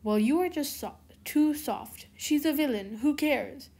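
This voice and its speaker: Hot-tempered male magic creature, as a woman voices it, defiant, snappy, high voice, fan fiction reading. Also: lively intonation, a little slow, mellow.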